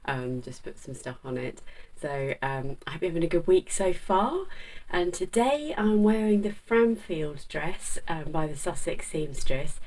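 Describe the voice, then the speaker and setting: A woman's voice: sits low, lively intonation, unhurried, a little mellow, recorded from a distance, rough recording. A middle-aged woman, chatting casually to camera about her sewing, rambling with plenty of fillers and restarts. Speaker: sewing vlogger.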